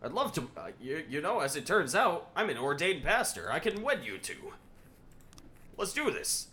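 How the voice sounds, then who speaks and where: A man voicing a goofy, overeager male police officer in a squeaky, cartoonish tone while commentating a game. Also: very animated, moderate pace, pushed and bright. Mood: gleeful. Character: goofy overeager male cop, self-declared pastor.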